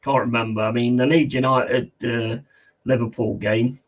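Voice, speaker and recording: A man with a medium-pitched voice and flat delivery, speaking at a moderate pace, hosts a football watch-along. He's chatty and laddish, reading viewers' messages aloud and answering them while casually calling the play.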